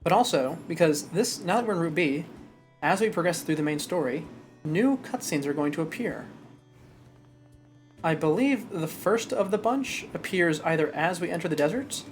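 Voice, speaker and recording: A male streamer who reads a story aloud and then chats about it in an animated way, now and then stumbling over his words. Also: on the high side, normal speed, faint music behind. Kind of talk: live stream chat and story reading.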